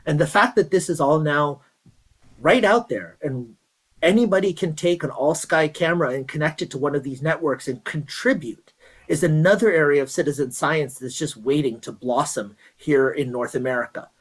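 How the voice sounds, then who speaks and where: A man's voice: a little high, moderate pace, poor audio. A man giving an astronomy talk, explaining meteors in a conversational way and then retelling a folk legend. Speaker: guest speaker at an astronomy event. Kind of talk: presentation with storytelling.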